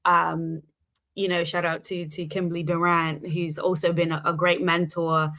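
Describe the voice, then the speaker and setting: A woman's voice: on the low side, level tone, moderate pace, fairly bright tone. A woman with a Bermudian accent, talking casually as an interview guest, chatty with many fillers. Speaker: guest politician.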